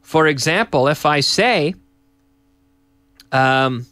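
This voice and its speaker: Man, teacher, live lesson host, slightly high voice, very animated pitch, patient repetition. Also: no echo. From Canada. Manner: upbeat and teacherly, repeats phrases slowly for learners. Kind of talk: live-streamed English lesson.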